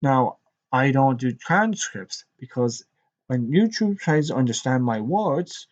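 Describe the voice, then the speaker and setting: A man's voice: mid-range voice, lively intonation, slow pace. A man with a rural Irish accent, rambling conversationally as he streams his commentary straight to his viewers. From Ireland. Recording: dull lo-fi live stream audio.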